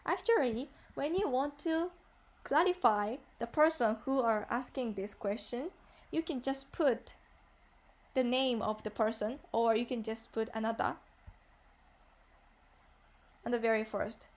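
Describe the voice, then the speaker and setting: In an online language lesson for beginners, a woman with a Japanese accent and a slightly high voice explains things slowly and patiently. She fills pauses with "uh" and repeats every example sentence.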